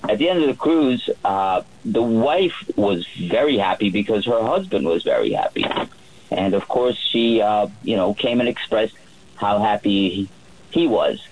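A man's voice: fairly low pitch, animated, measured pace, darkish tone, a little hiss or hum, low-quality recording. A man working as a private yacht chef, telling stories in a rambling way with many fillers on a radio show. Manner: rambling, lots of fillers and restarts.

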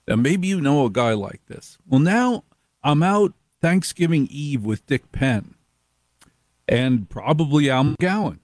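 A middle-aged man hosting a radio show, telling stories in an animated, sarcastic monologue and slipping into other people's voices. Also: fairly high pitch, measured pace, dry recording. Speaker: radio host.

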